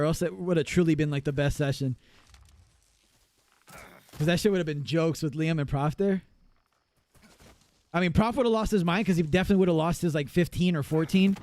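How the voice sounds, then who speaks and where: A male streamer talks casually to his chat during a live gaming session. His voice sits a little high for a man, and he swears freely and breaks into laughs often. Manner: excitable, profane, laughs often.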